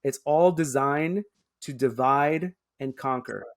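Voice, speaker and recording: A man's voice: medium pitch, takes it slowly. A man, a guest making emphatic points in a conversational interview and checking in with "right?" as he goes. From Queens, New York. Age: 30s. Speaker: guest, public affairs officer.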